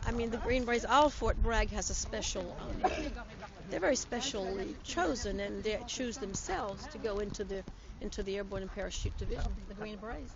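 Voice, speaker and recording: A woman's voice: mid-range voice, fairly quick. An older American woman, a guest in an outdoor interview, telling stories in a chatty way. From United States. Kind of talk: casual on-location interview. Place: outdoors at a public ceremony. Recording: lo-fi outdoor audio with crowd.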